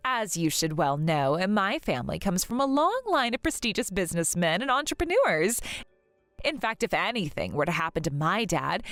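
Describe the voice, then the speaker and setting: A haughty rich young woman, voiced by a woman in an animated story drama, speaking with mocking, sing-song contempt. Her voice leaps up and down in lively swings. It sits dry and close, with faint music underneath. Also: mid-range voice, no echo.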